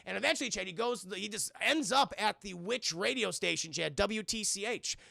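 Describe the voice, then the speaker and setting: A man's voice: high voice, moderate pace, gravelly, dry recording, clean studio sound. A man streaming a casual film recap to his chat, cursing freely and acting out the characters' lines. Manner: animated, profane, acts out quotes, addresses chat.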